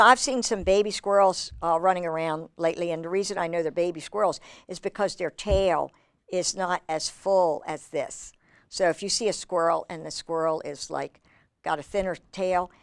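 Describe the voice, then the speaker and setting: Animated woman reading to children. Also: low-pitched, no room sound, studio quality. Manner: animated, exclamatory, chatty asides. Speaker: children's storyteller. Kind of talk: reading a picture book aloud to children.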